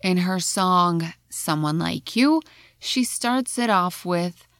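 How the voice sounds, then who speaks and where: Slow, low-voiced American woman teaching. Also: dry recording, studio quality. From United States. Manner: calm, explains with worked examples. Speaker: English teacher. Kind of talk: podcast lesson.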